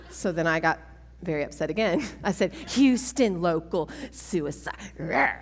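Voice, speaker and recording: A woman, giving a testimony talk at a women's church event, animated and self-mocking, laughing often. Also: on the low side, unhurried. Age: 40s. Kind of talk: sermon-style testimony talk. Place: large church hall. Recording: long church hall reverb.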